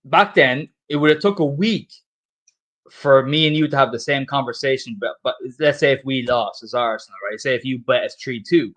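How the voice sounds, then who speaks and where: A drunk man with an Irish accent rambles through a football chat, swearing freely and circling back on his points. His voice sits at an ordinary pitch for a man. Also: moderate pace, fairly bright tone, low-quality recording. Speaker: guest on a football stream. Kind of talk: casual chat.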